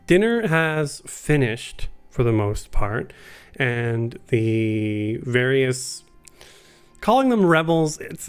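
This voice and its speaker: A man runs a tabletop game in a chatty, enthusiastic way, restarting his sentences as he goes. His pitch is mid-range, and faint music plays underneath. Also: smooth. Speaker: host and game master. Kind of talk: casual chat and game narration.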